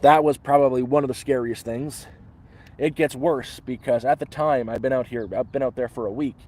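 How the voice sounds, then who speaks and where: A man's voice: medium pitch, steady tone, normal speed, a little mellow. A Canadian man livestreaming casually from the woods, rambling and acting out the voices in his stories. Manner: rambling, restarts often, acts out voices in quotes. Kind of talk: casual live storytelling. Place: outdoors in the woods.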